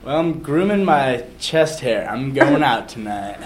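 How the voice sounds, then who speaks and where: A man's voice: medium pitch, a little hiss or hum. A man performing improv in a playful, joking way.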